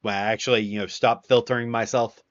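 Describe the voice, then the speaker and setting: A man's voice: mid-range voice, steady tone, quick pace, no echo. Male streamer, Southern drawl, playful and rambling, muffled dry home mic. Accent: Southern US, drawl slipping in. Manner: playful, bursts into meme lines and vocal stims. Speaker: streamer hosting a bedtime chat. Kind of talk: casual late-night live chat.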